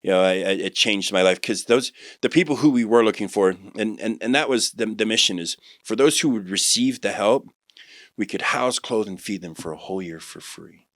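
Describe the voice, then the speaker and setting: A low-pitched man in his forties tells his testimony in a loose, rambling way. He restarts his sentences often and lifts into lively quoted voices. The sound is dry and close, with no room in it. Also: normal speed, dry recording. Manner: rambling, repeats and restarts, animated when quoting others. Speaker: guest sharing a testimony. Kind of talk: podcast testimony interview.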